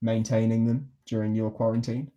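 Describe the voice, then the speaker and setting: Low, mellow-voiced young man, teasing. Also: level tone, normal speed, highs cut off. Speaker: podcast co-host. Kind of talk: casual chat.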